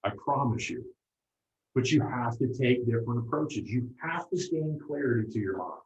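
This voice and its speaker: A man giving a motivational seminar talk to a live group, animated and often checking in with the audience. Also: mid-range voice, normal speed. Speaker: motivational speaker. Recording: roomy, dull lo-fi room recording.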